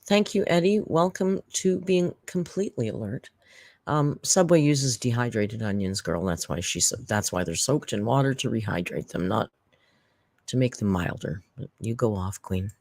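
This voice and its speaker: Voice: mid-range voice, expressive, moderate pace, a little mellow. A reaction channel host giving chatty, sarcastic live-stream commentary to viewers.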